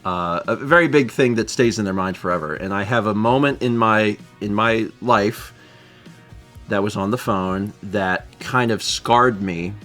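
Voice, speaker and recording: A man's voice: a little slow, faint music behind. A man in his thirties, co-host of a casual live show, telling a story with lots of laughter and restarts. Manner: animated, laughing, voice climbs high when quoting people.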